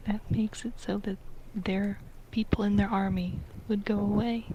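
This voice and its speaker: A woman's voice: medium pitch, little pitch movement, normal speed, lo-fi sound, noisy background. A woman playing a tabletop game, asking questions in character. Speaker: player.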